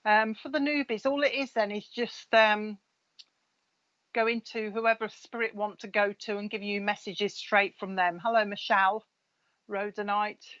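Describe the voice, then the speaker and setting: A chatty middle-aged woman hosts a live stream as a medium, rattling off greetings in a friendly, natter-prone way. Her voice sits at a middling pitch, and the home-mic audio sounds a bit dull and lo-fi. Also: fairly even intonation, moderate pace, a bit bright. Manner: chatty, friendly, laughs between names. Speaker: spiritual medium hosting live readings. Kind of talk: casual live-stream chat greeting viewers.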